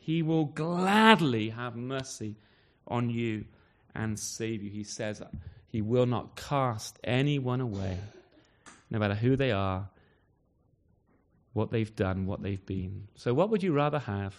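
Emphatic preacher man, lively tag questions. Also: medium pitch, slow. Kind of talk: sermon. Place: church service in the evening.

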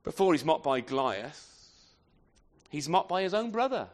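A man's voice: a little high, very animated, normal speed. A man preaching an expository sermon in a conversational way, often turning his points into tag questions and adding self-deprecating asides.

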